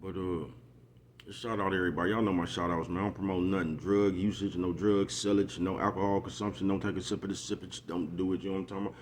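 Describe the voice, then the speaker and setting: A man's voice: deep voice, steady tone, fast, slight background noise. A man vlogging a casual motivational monologue, rambling and repetitive in street slang. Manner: rambling, repetitive, street slang, keeps asking "you know what I'm talking about".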